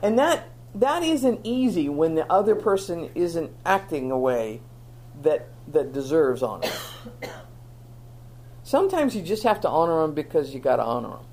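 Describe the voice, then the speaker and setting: A woman's voice: fairly low pitch, darkish tone. A woman teaching a Bible lesson in an earnest, conversational sermon style, often restarting her phrases.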